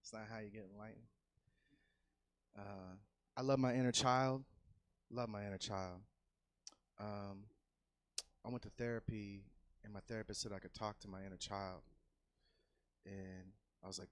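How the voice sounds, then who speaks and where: A man doing a loose, profane stand-up set on a comedy club stage, swinging from easy chatter into loud yelled bits. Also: fairly low pitch, moderate pace, pauses often, no echo. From California.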